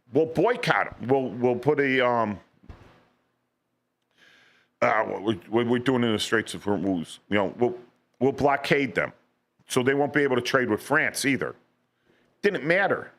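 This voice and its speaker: A man's voice: medium pitch, fairly bright tone. A man on local radio talking history in a casual way, often repeating words and asking "right?". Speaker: radio guest. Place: radio studio.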